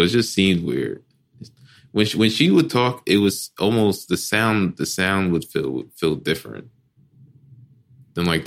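Man, very low voice, animated pitch, podcast co-host, hesitant, casual swearing. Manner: hesitant, many ums and restarts, swears casually. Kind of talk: casual movie review chat.

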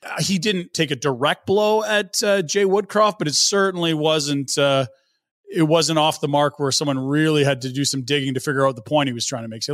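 A man's voice: fairly high pitch, a little fast, fairly bright tone, dry recording, clean studio sound. A man hosting a casual sports podcast, laying out stats and context in an analytical way. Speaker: podcast host.

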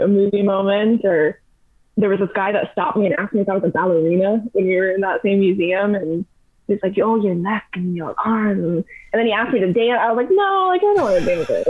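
Podcast guest: chatty young woman, animated storyteller, thin phone-like sound. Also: medium pitch. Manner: chatty, animated retelling with lots of "like". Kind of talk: casual storytelling. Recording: tinny phone-like line.

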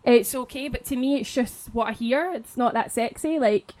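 A young woman with a Scottish accent and a high voice, talking casually on a podcast. She is blunt and teasing, and she laughs a lot. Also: moderate pace, darkish tone. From Scotland. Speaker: podcast co-host. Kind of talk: casual chat.

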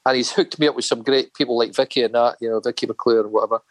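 A man, a podcast guest telling casual anecdotes in an animated way with laughs. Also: medium pitch, quick pace, no echo, poor audio. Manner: animated anecdotes with acted-out voices, laughing often. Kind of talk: casual storytelling chat.

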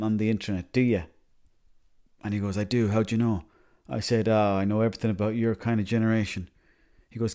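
Rambling deadpan Irish man. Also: fairly low pitch. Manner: rambling, halting storytelling with self-corrections. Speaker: comedy character monologue. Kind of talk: deadpan comic monologue.

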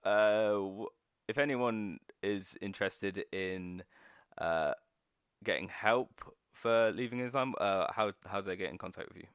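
A man's voice: fairly low pitch, a little slow, smooth, no echo. A man hosting a podcast, laid-back and joking, laughing often. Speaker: podcast host. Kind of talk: casual podcast conversation. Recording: slightly dull podcast audio.

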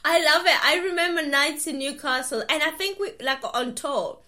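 A woman's voice: high voice, normal speed, sharp tone. A woman hosting a podcast in casual, enthusiastic interview chat, often laughing. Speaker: podcast host.

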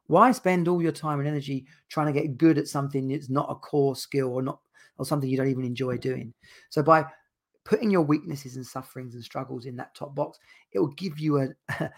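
Gravelly man hosting a podcast. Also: a little high. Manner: rambling with frequent restarts and repeated words. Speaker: podcast host and dads' coach. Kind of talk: casual solo podcast talk.

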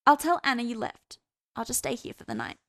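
A woman voicing a fretful, insistent young woman in a fan fiction reading, her lines high, loud and pleading. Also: huge pitch swings, a little fast. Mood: fussing.

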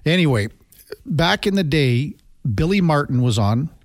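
A man's voice: on the high side, measured pace, dry recording. Man hosting sports radio, dry studio sound. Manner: rambling storyteller, animated when telling anecdotes. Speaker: radio show host. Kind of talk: casual sports radio chat. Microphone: studio microphone.

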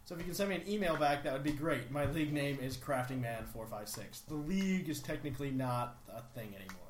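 A man's voice: mid-range voice, expressive, fast. A young man hosting a casual podcast, reading listener emails aloud with wry asides. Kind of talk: casual chat. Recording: echoey room with faint hiss.

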